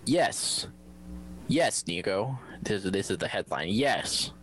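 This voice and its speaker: A man's voice: fairly low pitch, lively intonation, takes it slowly, a bit bright, slight background noise. A man reading a news story aloud over a video call, joking as he goes in a casual comedic chat. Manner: joking, reads aloud with playful voices.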